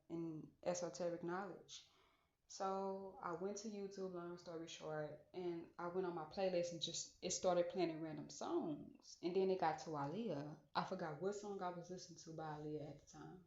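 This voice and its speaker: A woman's voice: fairly low pitch, darkish tone. A woman hosting a casual solo podcast monologue, musing aloud and repeating phrases for emphasis. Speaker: podcast host. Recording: echoey room, dull lo-fi sound.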